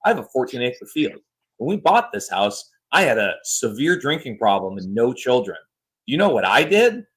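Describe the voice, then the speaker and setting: A man's voice: medium pitch, moderate pace, breathy edge, rough recording. A man in his thirties co-hosting a podcast, telling stories in a loose, exaggerated way. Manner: animated, exaggerated storyteller. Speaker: podcast co-host. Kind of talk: casual storytelling chat.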